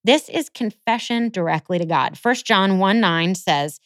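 A woman's voice: medium pitch, animated, unhurried, no echo. A woman hosting a Christian show, teaching in an earnest, scripted way and citing scripture verses. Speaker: host of a Christian podcast. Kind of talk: scripted Bible teaching monologue.

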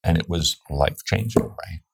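A very deep male voice belongs to this radio host, who jokes and teases his guest in relaxed banter. He tells stories from his own past in a casual interview style. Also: moderate pace, vocal fry, noisy background. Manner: joking, teasing banter.

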